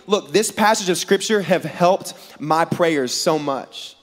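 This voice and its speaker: High-voiced preacher in a reverberant hall. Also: male voice, slow pace, hardly any pauses. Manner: animated, acts out dialogue in voices, jokes with the crowd. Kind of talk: sermon with comic storytelling. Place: large hall with a live audience on stage.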